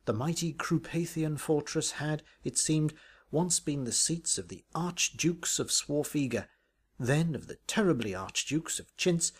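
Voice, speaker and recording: A man's voice: medium pitch, a little mellow, slightly rough. A man reading a comic parody story aloud in a dry, wry, arch manner. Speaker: narrator.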